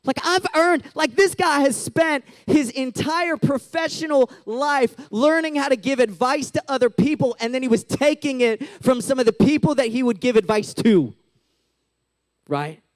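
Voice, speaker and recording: Animated high-voiced man preaching casually. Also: moderate pace, dry recording. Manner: chatty, animated, full of "like" and "right?". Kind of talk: casual sermon.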